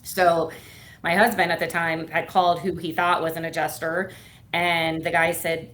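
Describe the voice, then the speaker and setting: A woman's voice: fairly low pitch, flat delivery, normal speed, a bit bright. A middle-aged woman guesting on an interview, telling her career story in a chatty way with lots of fillers. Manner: chatty, many fillers, acts out quoted dialogue. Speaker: guest, firm owner and CEO.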